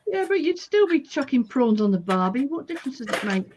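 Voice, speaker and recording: A woman's voice: sits high, sing-song, a little fast, very noisy. A woman on a call joining a casual chat with wry, teasing remarks.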